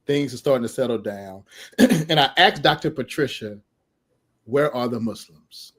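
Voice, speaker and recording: A middle-aged man telling a lively personal story as a podcast guest, laughing often and acting out the people in it. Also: mid-range voice, measured pace. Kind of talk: animated storytelling.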